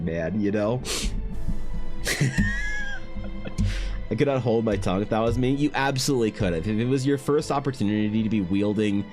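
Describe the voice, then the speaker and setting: Here the same kind of casual livestream talk comes in a lowish, slightly mellow voice. A Canadian man drawing on his art stream wanders through a profanity-laced story full of restarts.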